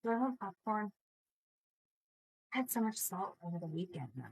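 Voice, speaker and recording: A woman's voice: medium pitch, lively intonation, normal speed, slightly rough. A woman hosting a casual late-night live stream, chatting with viewers and answering their comments, laughing often. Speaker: livestream host.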